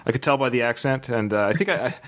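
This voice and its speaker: Guy in his 30s hosting a podcast, chatty and excited, keeps restarting his sentences, mid pitch. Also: racing. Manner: chatty, enthusiastic, rambling with restarts. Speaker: podcast host. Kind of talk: casual interview chat.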